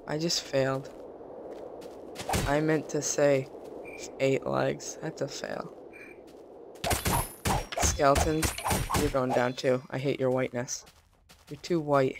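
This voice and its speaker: A woman giving casual gameplay commentary as a let's play gamer, chatty and quick to burst into startled exclamations. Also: low-pitched, noisy background.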